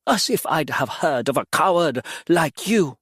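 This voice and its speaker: A man voicing an arrogant male demon fighter who snarls and shouts his threats. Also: on the high side, lively intonation, moderate pace, no echo, clean studio sound, pitched above the performer's own voice, close to an everyday voice. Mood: snarling.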